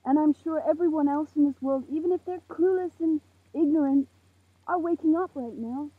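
An eighteen-year-old woman ranting to camera outdoors at night, heated and swearing, with a very husky voice. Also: high-pitched, normal speed, no room sound. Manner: heated, swearing, preachy outbursts. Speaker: vlogger. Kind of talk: impassioned rant to camera. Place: outdoors in a parking lot at night under a makeshift roof. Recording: tinny phone-like lo-fi sound.

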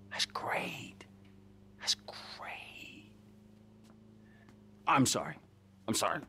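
A middle-aged criminal from a video game cutscene, sarcastic and unpredictable. He talks slowly, pitch swinging wide between low menace and mocking highs. His tone is bright and edged. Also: big pitch swings, a little hiss or hum, full character voice. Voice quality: mocking, drawn-out sarcasm with sudden whispers. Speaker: criminal old friend returning from the past.

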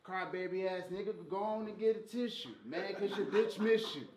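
A man battle rapping a cappella, loudly mocking his opponent at a live event. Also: high-pitched, moderate pace, roomy sound, slight background noise, low-quality recording. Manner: loud, mocking delivery. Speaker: battle rapper.

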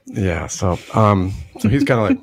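A middle-aged man tells a story on a casual podcast, his lowish voice rising and falling a lot as he acts out the people in it. He laughs often and slips into a put-on drawl. The sound is dry and close. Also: wildly swooping pitch, moderate pace, husky, dry recording. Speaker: podcast co-host telling a story.

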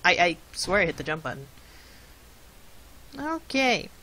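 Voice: medium pitch, big pitch swings, unhurried, sharp tone, a little hiss or hum. A let's play host giving casual gameplay commentary, thinking aloud in a chatty way and chanting repeated words while timing moves.

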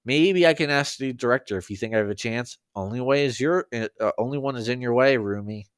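A man's voice: medium pitch, fairly quick, clean tone, dry recording, clean studio sound, natural voice. A man reading aloud, voicing a careless, blunt teenage girl who teases and jokes. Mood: teasing. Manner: blunt, teasing, laid-back.

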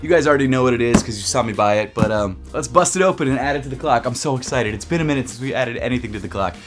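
A young man chatting excitedly and rambling as a vlogger, a little out of breath. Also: medium pitch, racing, over music. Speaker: sneaker vlogger. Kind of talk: casual vlog chat.

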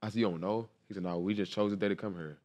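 Rapid-fire and low-pitched, a twenty-something football player earnestly retells an emotional story during a casual storytelling interview. He gets animated, performing the dialogue of everyone in it, captured in a dry recording.

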